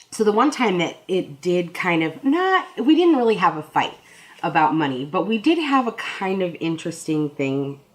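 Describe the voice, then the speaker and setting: Low-voiced woman rambling goofily. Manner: rambling, self-deprecating, goofy asides. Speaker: vlogger. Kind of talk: casual advice monologue.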